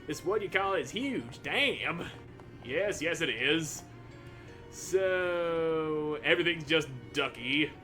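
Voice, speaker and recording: A man's voice: on the high side, expressive, slow, sharp tone, soft background music. A man hosting a let's play, reading game dialogue aloud with casual commentary, goofy and self-mocking, swearing casually.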